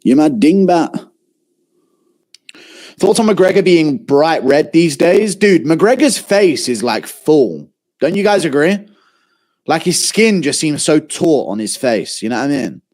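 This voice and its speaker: A man's voice: fairly high pitch, sing-song, unhurried, a little mellow. A man chatting loosely on a live stream, answering viewer questions with profane, rambling banter. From England. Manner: swears freely, rambling banter with lots of fillers.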